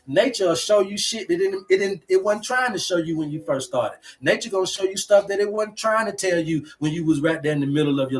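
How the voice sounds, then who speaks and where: Male host, higher voice; preachy, repetitive livestream teacher addressing viewers. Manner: preachy, repetitive, slangy, talks to chat.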